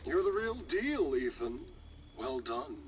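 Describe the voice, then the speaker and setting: Game villain, male: sneering, sing-song schemer, slow delivery, heard from far off. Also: medium pitch, sing-song, slight background noise. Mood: taunting. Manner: taunting, sing-song, laughing. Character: mocking scheming male villain, grown man. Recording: game audio heard from afar under faint ambience.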